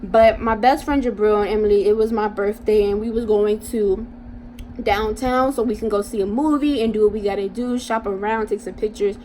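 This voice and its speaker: A young woman vlogger telling a casual storytime in an animated, slangy way, talking straight to her viewers. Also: mid-range voice, moderate pace, a little hiss or hum.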